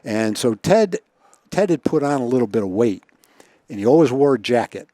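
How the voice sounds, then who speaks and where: A man's voice: mid-range voice, animated, moderate pace, mellow, no room sound, clean studio sound. Chuckling man telling stories. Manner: chuckles often, repeats words while telling stories. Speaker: guest storyteller. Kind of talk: casual anecdote telling.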